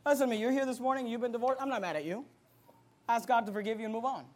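A man pastor preaching a fiery sermon, moving between loud emphatic bursts and quiet asides. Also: very high-pitched, expressive, quick pace.

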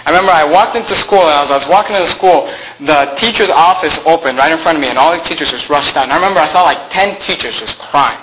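A man telling a personal story aloud in a reflective, halting way, often restarting his phrases and slowing down at the heavy moments. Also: a little high, bright, forceful tone, dull audio, a little hiss or hum.

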